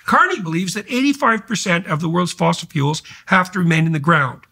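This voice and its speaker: A man's voice: sits high, expressive, fairly quick, creaky, sharp tone. A man hosting a podcast, talking in an emphatic, heated way in long run-on sentences. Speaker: podcast host. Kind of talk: casual conversational podcast talk.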